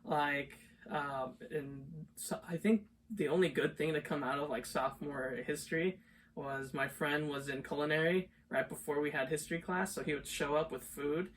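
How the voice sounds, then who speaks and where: A young man co-hosts a podcast, telling stories in a rambling, casual chat packed with filler words. His voice is a little high and fairly bright, with fairly even intonation and a moderate pace. The mic is distant, with faint background noise.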